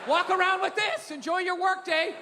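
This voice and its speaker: A man performing stand-up in a big theater, ranting loudly and sarcastically, with plenty of swearing. His voice sits very high for a man. The sound rings out in a long hall echo, with a clear crowd murmur and room noise behind it. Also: steady tone, moderate pace. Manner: loud, ranting, profane and sarcastic. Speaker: stand-up comedian. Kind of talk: live stand-up routine. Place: large theater stage before a live audience. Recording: reverberant hall with audience noise.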